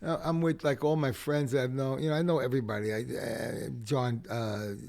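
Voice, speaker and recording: A man from the Bronx, guesting on a podcast and telling animated, profane stories. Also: medium pitch, normal speed, vocal fry. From the Bronx, New York. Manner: animated, profane raconteur who acts out the people in his stories. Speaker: podcast guest, punk rock singer. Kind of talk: casual storytelling interview.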